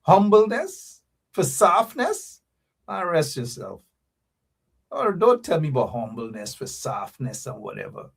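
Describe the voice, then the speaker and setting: A man hosts a livestream talk show. He speaks straight to his viewers in an animated, teasing way. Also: a little high, a little slow, vocal fry, husky.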